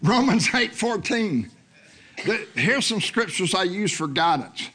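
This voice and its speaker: A man with a high, bright voice preaches to a church congregation. He shifts between calm, low-key scripture teaching and bursts of loud, shouted exhortation. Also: unhurried, a little hiss or hum. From Oklahoma. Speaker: guest minister. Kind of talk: sermon. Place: church sanctuary.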